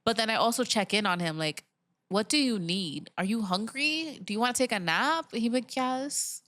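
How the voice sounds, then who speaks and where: A woman's voice: medium pitch, animated, a little fast, a bit bright. A young woman, a mother, chatting candidly as a podcast guest, laughing and quoting herself and her family as she talks. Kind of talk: casual chat.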